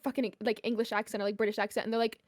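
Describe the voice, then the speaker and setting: A young woman streamer chatting casually with her viewers and a podcast host, full of quick asides. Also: a little high, level tone, dry recording, clean studio sound. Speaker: streamer guest. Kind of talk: casual livestream chat.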